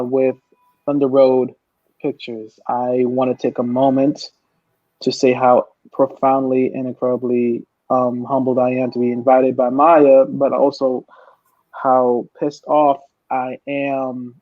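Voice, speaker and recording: A man from Brooklyn, New York, speaking as a film director on an online panel, shocked and upset, halting and repeating his words. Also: mid-range voice, dry recording, muffled recording.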